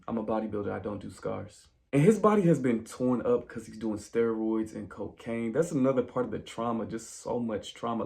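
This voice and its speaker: Male movie reviewer with a gravelly voice, casual and animated, talks to viewers like friends. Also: mid-range voice. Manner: animated storyteller, addresses viewers as "y'all".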